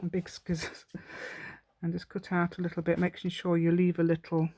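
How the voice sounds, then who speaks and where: A craft channel host walks through a step-by-step tutorial, chatting to herself and the viewer with rambling, giggly asides. Her voice is lowish and mellow, her delivery completely flat, at a normal speed.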